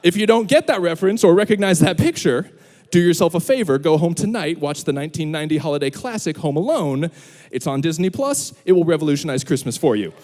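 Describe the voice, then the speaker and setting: A young male student pastor preaching with humor, acting out little voices as he tells a story. His voice sits high and swings widely in pitch. It rings with the long reverb of a large auditorium. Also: quick pace. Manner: animated storyteller, acts out voices. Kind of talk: youth sermon with humor.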